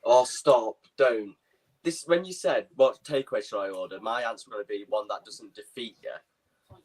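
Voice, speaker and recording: Young man, co-host, casual watchalong chat, teasing, husky voice. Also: mid-range voice, moderate pace, darkish tone. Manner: laughs easily, teasing. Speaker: podcast co-host.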